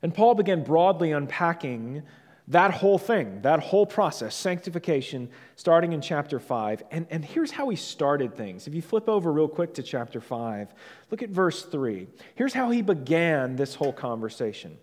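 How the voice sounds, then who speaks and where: Earnest high-voiced preacher in a reverberant hall. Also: male voice, very animated, moderate pace, a little mellow. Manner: earnest, emphatic, repeats key phrases, drops low on key words. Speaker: pastor. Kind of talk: sermon. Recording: long reverb of a large hall.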